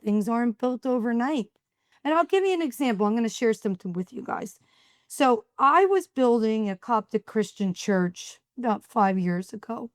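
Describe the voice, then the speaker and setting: A woman's voice: on the high side, normal speed, dry recording, studio quality. A middle-aged woman, a podcast guest, telling stories in casual talk and acting out the dialogue. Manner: animated storyteller acting out dialogue. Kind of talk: casual storytelling.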